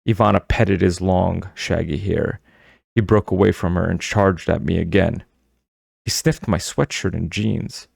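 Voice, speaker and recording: Deep gravelly male audiobook narrator. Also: darkish tone, dry recording, clean studio sound.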